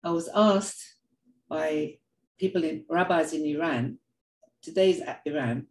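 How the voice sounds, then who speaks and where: A woman's voice: sits low, normal speed. Earnest older woman in a roomy space. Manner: earnest, animated storytelling with repeated words. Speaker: speaker sharing reflections. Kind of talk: heartfelt personal talk.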